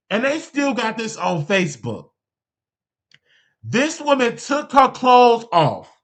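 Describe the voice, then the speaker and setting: A male host giving commentary on a clip, expressive, telling a personal story with loud exclamations. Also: high voice.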